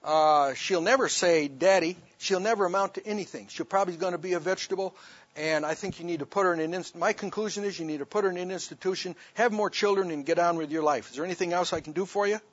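A man's voice: high-pitched, fast, no echo, lo-fi sound. A man voicing a curt, cold male doctor who asks blunt, clipped questions in a sermon story.

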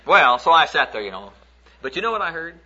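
In a dull lo-fi recording thick with background noise, a man with a slightly high, sing-song voice preaches briskly. His sermon unfolds as folksy, conversational stories that he acts out as he tells them.

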